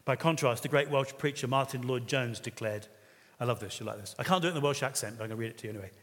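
A man's voice: medium pitch, rapid-fire, a bit bright. A man preaching a sermon in an earnest, conversational way, with occasional hesitations. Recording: reverberant hall.

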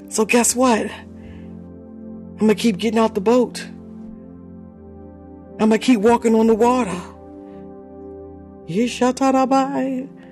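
A woman's voice: on the high side, a little mellow. A woman leading a fervent live prayer, preaching with repeated phrases, bursts of tongues and laughter, calling on listeners by name. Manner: impassioned, repetitive, speaks in tongues, laughs between phrases. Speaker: prayer leader.

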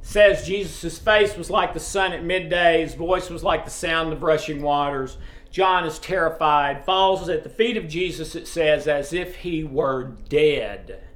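A man's voice: a little high, measured pace, fairly bright tone. A middle-aged man giving a sermon in a plain conversational teaching way, often checking in with his listeners. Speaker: preacher. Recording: roomy echo.

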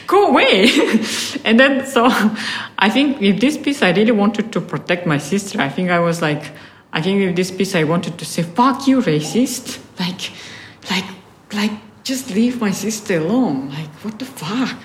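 A woman's voice: mid-range voice, lively intonation, normal speed. A woman from Russia, an artist talking reflectively in an interview with many fillers and some frustrated swearing. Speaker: artist guest. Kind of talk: casual interview talk. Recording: roomy echo.

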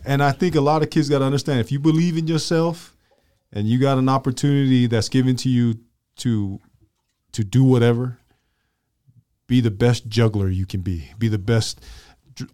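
A man's voice: medium pitch, dark tone. A middle-aged man hosting a casual podcast, joking and teasing his guests. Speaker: podcast host. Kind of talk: casual chat.

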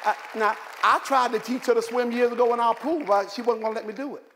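A male pastor preaches with a high-pitched voice and animated storytelling. He slips in humorous asides and drives points home through repetition. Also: fast talker, a little hiss or hum. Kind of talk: sermon.

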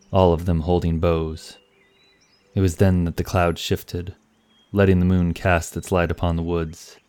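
A man narrating a fantasy story in a measured, scripted way. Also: sits low, a little mellow, no echo.

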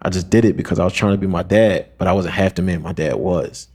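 A man's voice: low voice, fast talker, darkish tone, slightly rough. A young man on a podcast, telling a long story in casual slang, acting out quotes and using lots of fillers. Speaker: podcast co-host.

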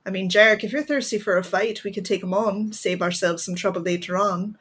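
A woman's voice: mid-range voice, brisk, fairly bright tone, husky. Woman as a brash old adventurer woman, blunt, mid-range voice. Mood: wary. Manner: brash, calls the others lads.

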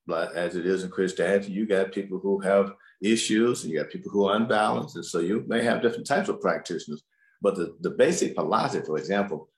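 A man, a scholar, answering interview questions in a measured, explanatory way. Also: sits low, roomy sound. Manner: measured, explanatory, repeats words.

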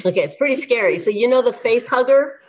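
A woman actor as a guest in a casual interview, talking in a chatty, lively way with many restarts and laughs. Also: fairly high pitch, quick pace.

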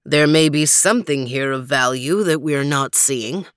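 A woman voicing a big, heavy male dog who speaks calmly and thoughtfully in a storybook. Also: low voice, unhurried, smooth, no room sound, studio quality, voice pushed down.

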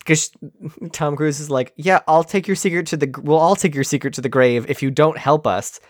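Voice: mid-range voice, brisk, dry recording, clean studio sound. A podcast co-host recapping a movie in casual chat, sarcastic and profane, acting out the scenes.

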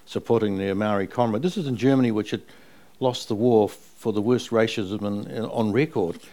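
A man's voice: fairly low pitch, normal speed. Older NZ man, memoir author, rambling live storyteller who laughs through his tales. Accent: New Zealand. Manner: animated, rambling anecdotes, laughing while he tells them. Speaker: author interviewed about a family memoir. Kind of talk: live on-stage conversation, storytelling.

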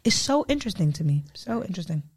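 A woman's voice: on the low side, fast. A young woman with a New York accent, co-hosting a casual chat, slangy and often laughing. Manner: laughing, slangy, animated storytelling. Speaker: podcast co-host.

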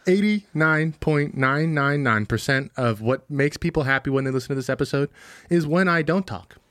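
Goofy, rambling young podcast host. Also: male voice, fairly high pitch, normal speed, fairly bright tone, no echo. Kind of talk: casual podcast chat.

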